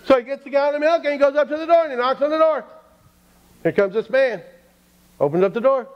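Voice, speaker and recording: A man's voice: extremely high pitch, expressive, fast talker, long pauses. A man preaching a sermon as pastor, telling a story and acting out the people in it. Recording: dull lo-fi church stream.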